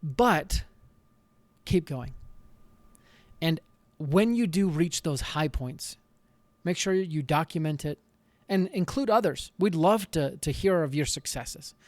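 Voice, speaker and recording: Guy doing a solo advice podcast, kinda higher voice, earnest and animated, dry close sound. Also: slow, no echo. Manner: earnest, animated, with frequent restarts. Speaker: podcast host.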